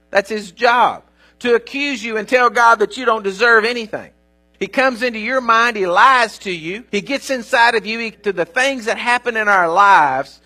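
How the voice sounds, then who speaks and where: A man's voice: high-pitched, sharp tone. A man preaching a sermon in an emphatic way, often checking that his listeners are following him.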